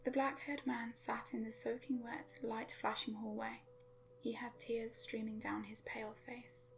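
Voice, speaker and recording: Hushed whispery young woman reading a creepy story, gravelly, kinda higher pitched, slight cough. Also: a little slow, over music. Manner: hushed, often whispered, steady narration. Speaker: fanfiction reader. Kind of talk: first-person horror story reading.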